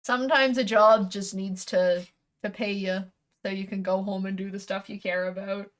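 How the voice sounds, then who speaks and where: A woman's voice: mid-range voice, steady tone, moderate pace. Rambling woman streamer chatting casually. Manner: rambling, self-correcting, casually swearing, chuckling. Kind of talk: casual stream chat while unboxing.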